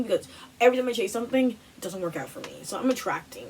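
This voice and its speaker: A woman hosting a wellness workshop, giving a casual motivational talk full of "like" and "you know", with animated, repetitive phrasing. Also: mid-range voice, fast, distant mic, slight background noise, low-quality recording.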